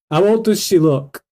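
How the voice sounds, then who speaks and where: A British man hosting a casual livestream, talking fast and hyped and firing questions at his chat. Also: high-pitched, warm tone. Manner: hyped, rhetorical, keeps asking the chat questions. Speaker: livestream host.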